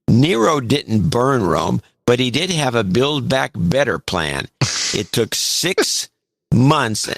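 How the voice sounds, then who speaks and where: A man's voice: mid-range voice, creaky, a bit bright, no echo. Dry-sounding man reading donor notes. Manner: wry, dry delivery with ad-lib asides. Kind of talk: casual banter reading listener notes.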